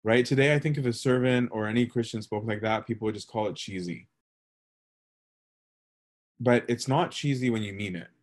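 A man teaching a Bible study in a conversational way, often checking in with "right?" and pausing with fillers. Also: mid-range voice. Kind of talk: casual Bible lesson.

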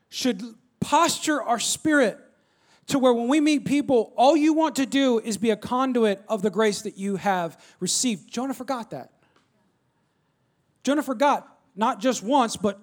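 A man with a fairly high voice delivers a sermon to a congregation. He moves between loud, emphatic bursts and low, quiet asides, repeating phrases as he presses his points. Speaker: pastor.

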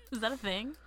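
A woman's voice: mid-range voice, very noisy. Wry, teasing female podcast co-host. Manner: wry, teasing deadpan jokes. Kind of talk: casual banter.

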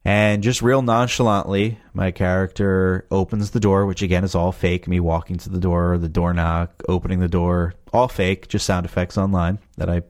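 A man's voice: low voice, fairly even intonation, normal speed, few pauses, darkish tone. A young adult man, a podcast creator, talking casually and rambling loosely about his show. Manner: rambling, loose and chatty, full of fillers like "you know". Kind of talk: casual chat.

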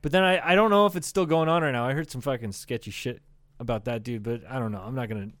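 A man's voice: medium pitch, fast, fairly bright tone, dry recording, studio quality. A young man from northern Iowa co-hosting a comedy podcast, swearing a lot, laughing often and acting out quotes as he tells stories. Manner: profane, laughing, storytelling with acted-out quotes. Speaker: podcast co-host. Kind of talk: casual comedy podcast chat.

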